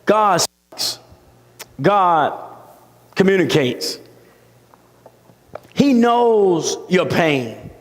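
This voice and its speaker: A man preaching a sermon in a dramatic style, with his voice rising to shouts at the peaks. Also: high-pitched, sing-song, drawn-out words, pauses often. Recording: long reverb of a large hall.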